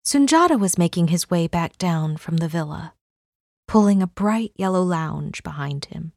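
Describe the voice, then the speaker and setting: A woman narrating a novel as an audiobook reader, in measured, unhurried storytelling. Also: lowish voice, lively intonation, darkish tone, dry recording, clean studio sound. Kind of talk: scripted narration.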